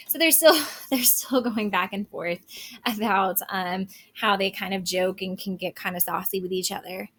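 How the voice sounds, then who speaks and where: Bright-voiced woman explaining a play. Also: medium pitch, normal speed. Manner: casual explaining with many fillers, reads the lines with more lift. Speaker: teacher. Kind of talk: reading a play aloud and explaining it.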